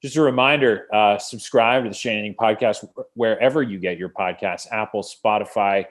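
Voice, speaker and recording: A man hosting a casual sports podcast, reading a quick sponsor note and wrapping up. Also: lowish voice. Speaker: podcast host. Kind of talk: casual chat and ad read.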